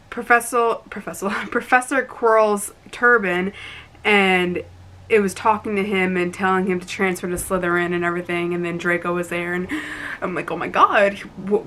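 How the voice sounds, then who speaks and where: A young woman vlogs casually to her camera at home, giving a reading update peppered with "like" and "um." Her voice is medium-pitched, and the audio quality is poor, with a fan humming steadily in the room.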